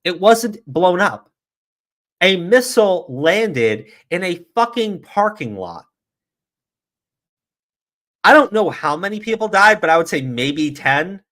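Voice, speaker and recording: Profane ranting man, high and bright. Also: sing-song, slow pace, long pauses. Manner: ranting, profane, mocking, with sarcastic put-on quotes. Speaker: podcast host. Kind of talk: heated political commentary.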